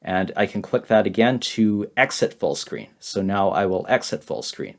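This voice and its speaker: Low-voiced man teaching beginners slowly. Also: expressive, gravelly. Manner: simple words, heavy repetition, light laughs. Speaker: English teacher. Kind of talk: slow, repetitive beginner lesson.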